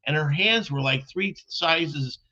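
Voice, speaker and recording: Male host, tense bright voice, loose chatty delivery, muffled lo-fi sound. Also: on the high side, takes it slowly. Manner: loose, laughing, conversational. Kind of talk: casual chat. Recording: dull lo-fi audio.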